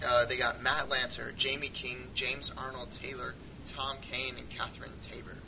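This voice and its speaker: A man's voice: mid-range voice, level tone, normal speed, gravelly. A man co-hosting a casual fan podcast who talks in a loose, chatty way and laughs often. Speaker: podcast co-host. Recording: noisy podcast audio.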